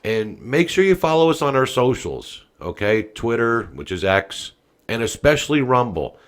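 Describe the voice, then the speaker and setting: A man hosting a political podcast, talking in a profane ranting style that swings from quiet muttering to loud shouting. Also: medium pitch, very animated, moderate pace. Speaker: podcast host. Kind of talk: political commentary rant.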